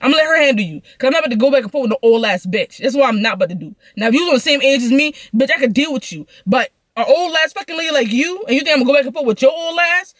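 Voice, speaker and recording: A woman's voice: high-pitched, lively intonation, no room sound. A young woman venting through a profane, heated storytime rant. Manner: heated, profane, rapid ranting.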